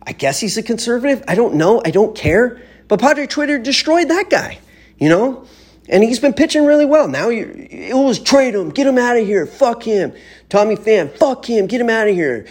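A man's voice: fairly high pitch, slightly rough. A man ranting casually and bluntly about baseball, with lots of profanity and rambling restarts. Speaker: baseball fan commentator. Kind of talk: casual sports rant.

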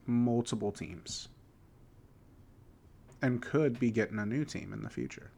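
Soft-spoken male podcast co-host, mid pitch, quiet delivery, reads quiz clues. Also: animated, measured pace, vocal fry, long pauses. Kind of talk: casual chat.

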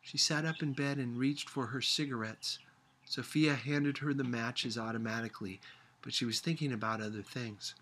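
A man reading a novel aloud as a teacher, with expressive delivery that sometimes drops to a whisper. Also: medium pitch, normal speed.

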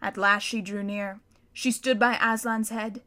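Expressive, bright-voiced woman storyteller. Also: medium pitch, measured pace. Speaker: narrator. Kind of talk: audiobook reading of a children's story.

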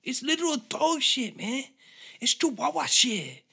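A man's voice: very high-pitched, very animated, unhurried, gravelly, sharp tone, breathy edge, voice pushed up, heavily acted. A man putting on the voice of a defensive, stubborn restaurant owner who whines and argues belligerently.

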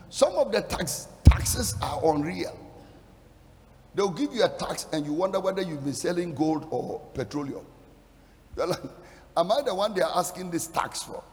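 A man preaching a sermon, emphatic and building into shouted declarations. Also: sits high, long reverb tail.

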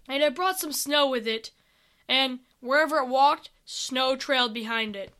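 A woman reading a fantasy adventure story aloud in a slow, even storybook manner. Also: high-pitched.

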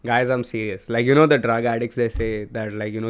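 A man's voice: medium pitch, little pitch movement, a little fast, few pauses, smooth. Candid, profane young Indian man. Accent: Indian English. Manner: candid and profane, switches between English and Hindi. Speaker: podcast host. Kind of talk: casual solo podcast monologue. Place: room at home.

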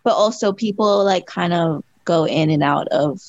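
A woman's voice: on the low side, normal speed, no echo. Casual podcast co-host, a woman; meandering, filler-heavy talk, slightly dull lo-fi mic, dry. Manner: rambling, heavy use of "like", laughs often. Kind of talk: casual chat.

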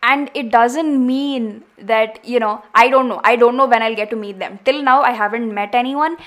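A teenage girl talks alone on her podcast, venting in a heated rant. Her voice sits slightly high, and she keeps restarting sentences before trailing off. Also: moderate pace. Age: teens. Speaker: podcast host.

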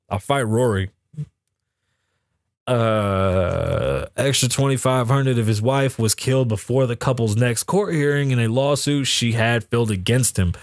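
Swearing casual podcast host, dry sound. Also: male voice, medium pitch, no echo. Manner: rambling, swears a lot, laughs at the news. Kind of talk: casual profane commentary.

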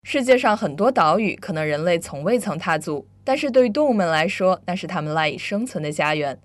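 A woman teaching English vocabulary and grammar, explaining slowly and clearly and moving between Chinese and English. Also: lowish voice, animated, dry recording. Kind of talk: bilingual English lesson.

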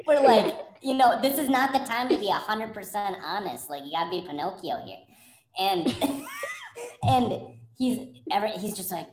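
A woman's voice: medium pitch, wildly swooping pitch, unhurried, a little mellow, roomy sound. A woman telling a long story in casual chat, laughing often and acting out the other people's lines. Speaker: podcast co-host telling a story.

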